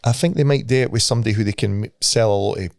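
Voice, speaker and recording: A man's voice: fairly low pitch, very fast, dry recording, studio quality. A Scottish man co-hosting a podcast in casual chat, swearing freely and laughing at his own stories. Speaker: podcast co-host.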